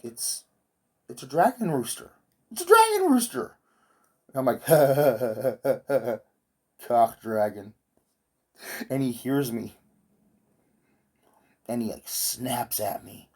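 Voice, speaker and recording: A man's voice: mid-range voice, mellow. A man vlogging while he sews, telling a meandering story in an offhand way and swearing casually.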